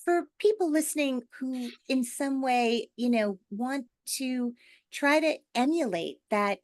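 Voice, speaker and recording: A woman with a fairly high voice hosts the interview, enthusiastic and effusive. She leans on fillers and restarts, and the mic sound is dry, with no room around it. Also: expressive, slow pace, no echo. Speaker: podcast host. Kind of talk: podcast interview.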